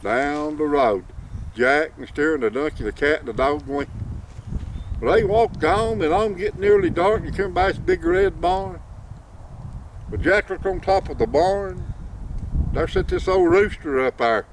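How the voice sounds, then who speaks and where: A man's voice: a little high, measured pace. A man telling a folk tale in a folksy drawl. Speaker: storyteller. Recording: distant mic, faint outdoor noise.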